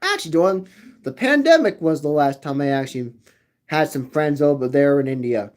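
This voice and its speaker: Slightly high and expressive, this man's voice moves at a normal pace as he reads his livestream chat. His talk wanders, and he repeats phrases over and over in a singsong manner.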